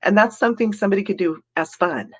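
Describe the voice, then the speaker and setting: A woman's voice: medium pitch, quick pace, husky. A woman hosts a casual live stream and chats in a loose, rambling way. She reads out viewer comments and greets people by name. Giggles come often between her remarks.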